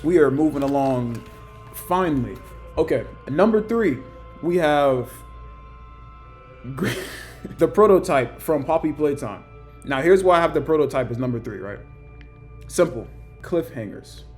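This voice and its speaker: A young man ranting casually about characters he would put on a list, rambling and acting out quoted lines in higher voices. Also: animated, unhurried, pauses often, darkish tone, soft background music. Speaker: YouTuber ranking characters.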